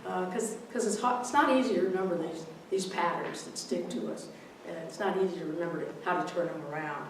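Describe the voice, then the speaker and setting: A minister with a lowish voice speaks fast in a warm, chatty sermon, combining readings with a funny story and laughing at her own jokes. The recording has background noise and catches her from far off in a very echoey hall full of congregants.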